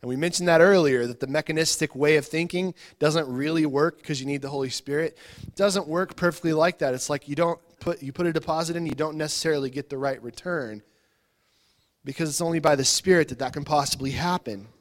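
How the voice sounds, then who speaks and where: This pastor preaches a conversational sermon with a chatty, informal manner and a voice that sits slightly high for a man. Moving at a fairly quick clip, he trips over repeated words and keeps questioning his listeners.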